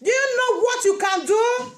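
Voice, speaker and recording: A vlogger with a very high, unhurried voice gives a casual motivational talk in a Nigerian Pidgin English accent. She repeats her phrases to drive her points home.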